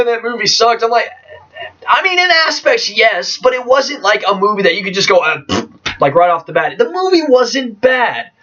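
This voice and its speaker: A man answering viewer questions in a casual vlog, excitable and jokey, trailing off and restarting. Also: high-pitched. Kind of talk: casual chat. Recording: distant, dull lo-fi mic.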